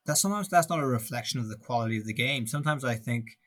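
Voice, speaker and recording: Man, podcast co-host, casual chat, relaxed, thinks aloud, lots of restarts. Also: medium pitch, fast.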